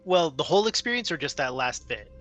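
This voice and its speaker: A man running a tabletop game as game master, explaining rules in a relaxed way with small restarts. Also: a little high, fast, faint music behind.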